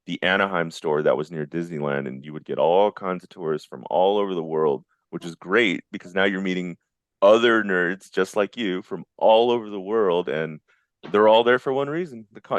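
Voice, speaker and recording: An excitable man in his forties tells stories as a podcast guest, doubling back and restarting his thoughts as he goes. His voice sits very low, and the sound is close and dry, with no room around it. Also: dry recording. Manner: rambling, enthusiastic, many restarts. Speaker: guest, visual effects artist. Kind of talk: casual interview chat.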